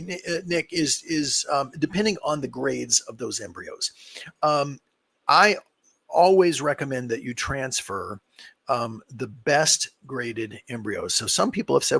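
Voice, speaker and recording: A man, a fertility doctor, answering viewer questions on a live stream in a relaxed, explanatory way, full of fillers and sounding tired. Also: mid-range voice, creaky, breathy edge, no room sound. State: tired, yawning.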